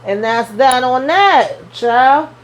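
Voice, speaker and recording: A woman's voice: sits high, lively intonation, slow pace, a little hiss or hum, low-quality recording. A young adult woman hosting a casual TV recap vlog, chatty and sassy with lots of slang asides. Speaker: TV show recap host.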